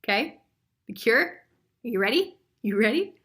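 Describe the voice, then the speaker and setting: A woman giving a live group psychic reading, talking bluntly and swearing freely. Her voice is bright and forward, and she breaks into laughter and sudden whispers as she chats to listeners. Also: on the high side, very animated, a little slow. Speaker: psychic reader.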